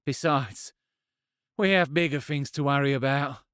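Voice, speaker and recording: A man's voice: medium pitch, a little slow, a bit bright, smooth, no echo, studio quality, voice pushed up, natural voice. A male narrator voicing an exhausted, frightened young man with blunt, colloquial speech in an audiobook. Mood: weary. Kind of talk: audiobook character voice.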